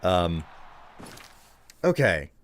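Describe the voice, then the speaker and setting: A man's voice: low voice, big pitch swings, extremely slow. A man chatting casually to his live-stream chat while he plays, rambling and joking. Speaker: game streamer.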